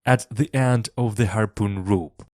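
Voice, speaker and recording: A man reading a storybook aloud for language learners in a plain, measured way, one sentence at a time. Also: lowish voice, darkish tone, no room sound, clean studio sound. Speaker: reader. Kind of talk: slow storybook narration for learners.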